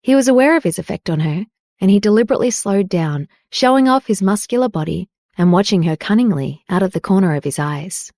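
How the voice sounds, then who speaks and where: Female audiobook narrator, even and unhurried, mid pitch, dry read. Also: no echo. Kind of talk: scripted narration.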